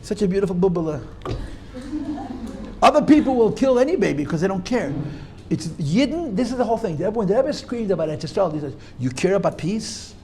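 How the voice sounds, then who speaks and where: A man's voice: sits high, big pitch swings, fast, darkish tone, slight background noise. A man teaching a Torah class as a rabbi, emphatic and repeating key points while debating his students. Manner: emphatic, argues back and forth with students.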